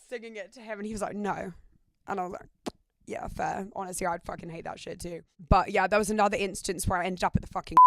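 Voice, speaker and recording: A woman's voice: medium pitch, no echo. A young British woman hosting a podcast, telling candid stories in a casual, sweary way with lots of "like". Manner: candid, sweary, heavy use of "like". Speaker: podcast host. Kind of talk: casual storytelling chat.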